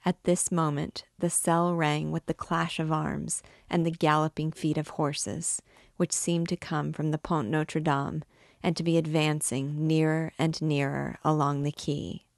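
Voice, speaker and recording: A woman teacher reading a classic novel aloud in a measured, expressive narrating voice. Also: sits low, vocal fry, no room sound, studio quality. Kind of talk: audiobook-style novel reading.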